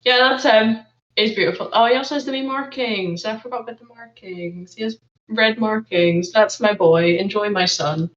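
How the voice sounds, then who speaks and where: A woman's voice: mid-range voice, normal speed. Crude, playful woman gamer in an echoey room. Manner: crude, playful, swears, speaks in character. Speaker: player. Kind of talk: casual tabletop role-play. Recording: echoey, dull lo-fi room audio.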